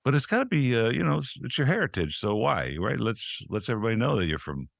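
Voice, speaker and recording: An American man hosting a podcast interview, chatty and quick to laugh, often restarting his sentences. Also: medium pitch, very animated, vocal fry, no echo, clean studio sound. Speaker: podcast host. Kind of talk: casual interview chat.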